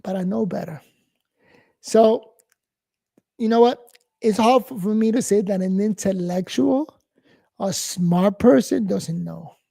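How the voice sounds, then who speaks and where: A man's voice: high-pitched, measured pace, creaky, long pauses, dark tone. A man in his forties from New York, giving a blunt, profane, rambling casual monologue as host.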